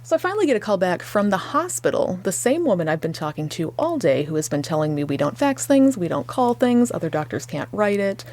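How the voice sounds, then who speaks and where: A woman co-hosting a casual podcast, telling an exasperated story in an animated way, acting out the people she quotes and swearing freely. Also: medium pitch, a little fast, hardly any pauses. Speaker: podcast co-host.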